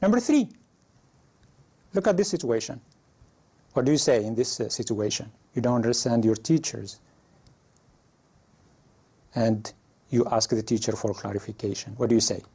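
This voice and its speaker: With a medium-pitched, darkish voice that has a breathy edge, a man teaches an English lesson at normal speed, pausing often. He reads example scenarios to the class and asks his learners what they would say.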